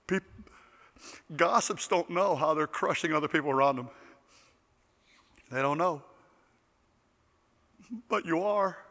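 A man preaching a storytelling sermon in an animated, joking way, acting out the people in his stories, recorded with echoey hall reverb in a large hall. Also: fairly high pitch, slow pace, pauses often.

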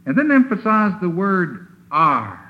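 A man preaching a sermon in an emphatic, deliberate way, leaning hard on single words, heard on a lo-fi old recording from a chapel. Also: high voice, wildly swooping pitch. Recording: tinny lo-fi old sermon recording with faint hiss.

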